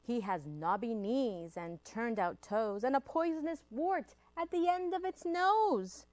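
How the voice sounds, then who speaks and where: A woman's voice: on the high side, lively intonation, unhurried, a little mellow, no echo, pitched above the performer's own voice. A woman voicing a small, clever mouse in a storybook reading, speaking in a prim, matter-of-fact way. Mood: sly.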